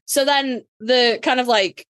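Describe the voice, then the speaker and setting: A British woman, a podcast guest, telling a story in casual chat, animated and swearing freely. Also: on the high side, a little slow, dry recording. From United Kingdom.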